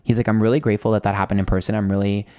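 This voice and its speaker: A man's voice: lowish voice, flat delivery, rapid-fire, dark tone, clear, resonant tone, dry recording, clean studio sound. A man hosting a casual livestream, telling a long personal story in a chatty way, swearing freely and greeting viewers. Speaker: livestream host.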